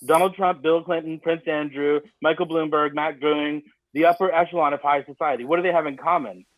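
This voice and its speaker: A man's voice: on the high side, steady tone, a little fast, no room sound, natural voice. A man playing a smug, menacing masked captor in a comedy stage reading, heard over a tinny phone-like line.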